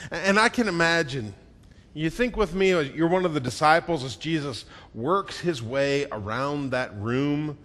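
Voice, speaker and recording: A man preaching a sermon in a church, with expressive delivery that swings between loud emphasis and quiet, close moments. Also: fairly high pitch, in a large hall. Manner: expressive, acts out quoted voices with swings in loudness.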